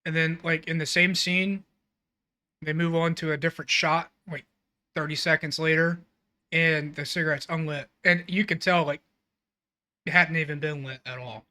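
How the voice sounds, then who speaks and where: A man's voice: fairly high pitch, fairly even intonation, normal speed, bright, forceful tone, no echo. A man co-hosting a casual film review podcast, recapping scenes in a blunt, rambling way and swearing freely. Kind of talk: casual chat.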